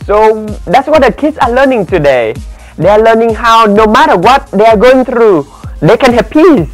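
A serene, cheerful cat sidekick, which a man puts on for a children's church skit. His voice is pitched very high and bounces lively up and down. He stays unhurried and placid. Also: soft background music. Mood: calm.

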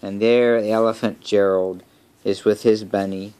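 A woman telling a made-up bedtime story with toys, in a gentle, playful way. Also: extremely low pitch, fairly even intonation, normal speed, smooth.

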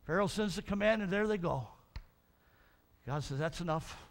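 A middle-aged male pastor preaching a sermon, telling Bible stories in an animated way, acting out the figures and building to shouts. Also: high voice, moderate pace.

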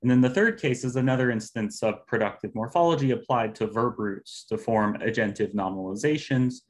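A man giving an academic linguistics talk over a video call, explaining step by step with pauses and fillers. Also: mid-range voice. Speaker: linguistics presenter.

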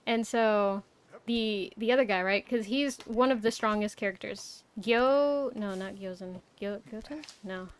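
A woman's voice: mid-range voice, unhurried, clear, resonant tone. A young woman streaming a game, chatting casually, rambling and swearing with lots of fillers. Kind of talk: casual live-stream chat.

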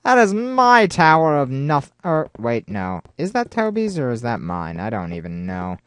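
A man giving rambling gameplay commentary, talking to himself with excitable outbursts. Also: mid-range voice, unhurried, clean tone, no echo. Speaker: let's play host.

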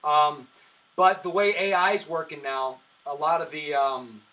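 A comedian telling stories on a podcast in a high, bright voice. He rambles easily, circling back with "uh" and restarts as he talks. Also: measured pace, poor audio. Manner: rambling storyteller, many fillers and restarts. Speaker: comedian guest. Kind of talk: casual podcast chat.

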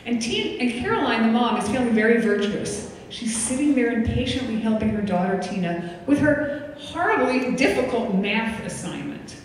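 A woman in her sixties, a psychiatrist giving a relaxed, conversational parenting lecture, slipping into the voices of the parents and children she quotes. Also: a little high, moderate pace. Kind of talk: lecture to an audience. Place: lecture hall. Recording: echoey hall from far off, faint noise.

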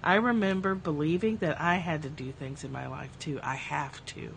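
A livestream host reads spiritual passages slowly and calmly in a low, level voice with vocal fry. She pauses for casual, self-deprecating joking asides, and a faint constant hum underneath hints that she's recording on a phone.

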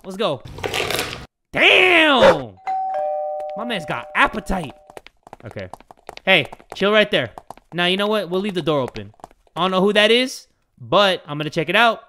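Young man, high voice, very lively pitch, let's play commentary, excitable, crude jokes, yelling. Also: measured pace, long pauses, slight background noise. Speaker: gaming YouTuber.

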